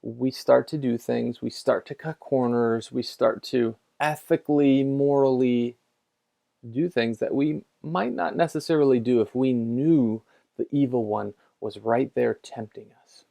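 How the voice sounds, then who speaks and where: A man's voice: medium pitch, a little slow, gravelly, dark tone. A middle-aged man, a pastor, telling a story in a casual conversational sermon, chatty with lots of fillers and restarts.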